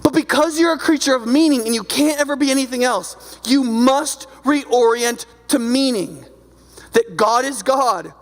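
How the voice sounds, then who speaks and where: A male pastor preaching a sermon in a loose, conversational way, often checking in with his listeners. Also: very high-pitched. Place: church sanctuary. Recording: long hall reverb from a church.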